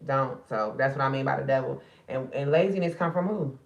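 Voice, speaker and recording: Tired woman vlogging, gravelly and roomy. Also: very deep voice, a little fast, recorded from a distance, muffled recording. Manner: tired, emotional, talks straight to viewers as sisters. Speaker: spiritual card reader and channel host. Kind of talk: casual late-night vlog chat.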